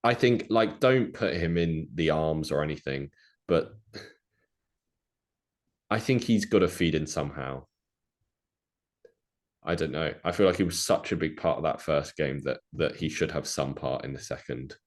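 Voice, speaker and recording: A very deep-voiced young man co-hosting a podcast. He chats loosely and jokes around, with a rambling, playful delivery. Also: normal speed, long pauses. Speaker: podcast co-host. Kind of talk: casual chat.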